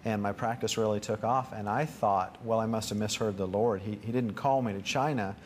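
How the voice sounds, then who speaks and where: Male guest, lowish voice, storytelling testimony, light background noise. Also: fairly even intonation, a little fast. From United States. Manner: storytelling, acts out quoted dialogue. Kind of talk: testimony on a talk show.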